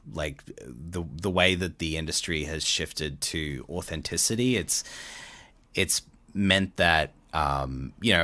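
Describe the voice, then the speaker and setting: A man's voice: very deep voice, bright, forceful tone, no echo. A middle-aged Australian man with an Australian accent, chatting casually as a voice-actor guest, laughing often and restarting his sentences. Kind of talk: casual interview chat.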